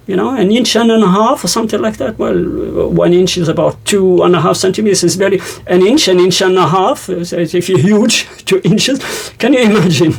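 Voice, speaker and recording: An older man explaining scripture in a rambling way, stopping to correct himself and quickly reciting verses. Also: high-pitched, creaky, husky. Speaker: religious teacher.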